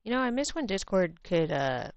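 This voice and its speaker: An American woman chatting casually on a livestream while drawing, laughing easily, swearing bluntly, and sometimes dropping to a quiet mutter as she works. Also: mid-range voice, sing-song, normal speed, dry recording. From United States. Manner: drifts to quiet murmurs while working. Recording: muffled lo-fi stream audio.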